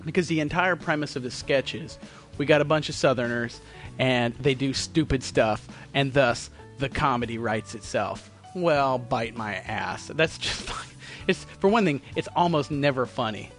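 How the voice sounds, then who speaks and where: A man's voice: mid-range voice, normal speed, faint music behind. A man hosting a podcast, ranting casually and profanely. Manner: profane, heated, swings into loud mocking voices. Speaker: podcast host. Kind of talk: casual opinionated rant. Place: Myrtle Beach, South Carolina.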